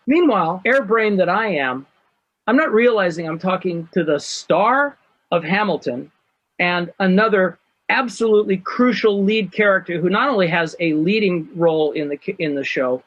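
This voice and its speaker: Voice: mid-range voice, lively intonation, normal speed, a bit bright. A show creator casually telling a rambling anecdote about casting, acting out the lines people said. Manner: rambling storyteller, acts out quoted lines. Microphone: video call. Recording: muffled lo-fi video call audio.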